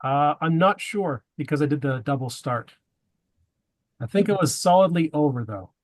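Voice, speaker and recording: A man's voice: a little high, animated, normal speed. A man giving a prepared presentation to a men's group, slipping wry dad jokes between his tips.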